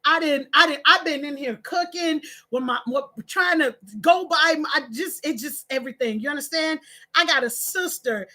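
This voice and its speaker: A woman's voice: sits high, moderate pace, pushed and bright. A woman speaking straight to her followers in an emotional, rambling monologue, preachy and scolding like a stern auntie. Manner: impassioned and preachy, rambling with restarts. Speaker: social media creator. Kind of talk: emotional direct-to-camera monologue.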